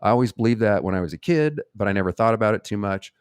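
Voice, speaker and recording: A man's voice: fairly low pitch, animated, very fast, clear, resonant tone, dry recording. A man hosting a live question-and-answer stream, talking in a blunt, rambling and profane way. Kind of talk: casual live Q&A chat.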